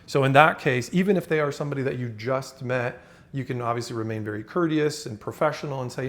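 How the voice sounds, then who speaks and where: A man in the middle of a casual talking-head lesson, speaking at an everyday mid pitch. His delivery is loose and conversational, full of fillers and quick restarts. Every so often he stops to act out a short example phrase before carrying on with the explanation. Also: fairly bright tone. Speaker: communication coach.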